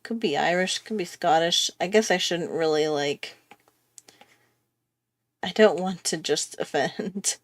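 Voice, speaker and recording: A woman's voice: deep voice, normal speed, dry recording. A woman chatting casually while she draws on a livestream, self-mocking and laughing often. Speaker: artist hosting a drawing livestream. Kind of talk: casual chat while drawing.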